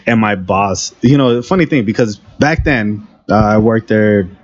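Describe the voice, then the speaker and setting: A man's voice: lowish voice, normal speed. A man telling stories in a casual podcast chat. He rambles, laughs often and keeps saying "dude". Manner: rambling storyteller who laughs often and says "dude" a lot. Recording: dull lo-fi sound.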